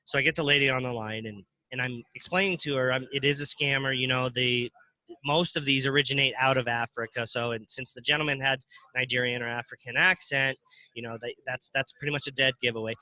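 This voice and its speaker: A man's voice: medium pitch, steady tone, brisk, sharp tone, no room sound. A man who runs a crypto ATM business, being interviewed in casual talk, often restarting and repeating words as he explains.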